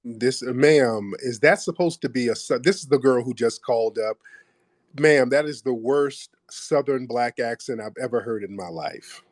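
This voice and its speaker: A man's voice: medium pitch, normal speed, no room sound, studio quality. A man hosting a live call-in audio show, blunt and joking. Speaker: host.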